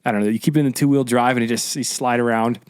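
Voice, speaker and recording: A man's voice: medium pitch, very fast, clear, resonant tone, no room sound, studio quality. Young New man telling a story. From New Jersey. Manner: animated storytelling. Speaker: podcast host. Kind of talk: casual chat.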